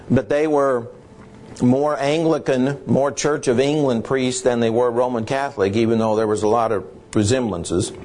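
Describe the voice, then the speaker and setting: A middle-aged man teaching history informally, halting and often clearing his throat. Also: mid-range voice, a little mellow, slight background noise.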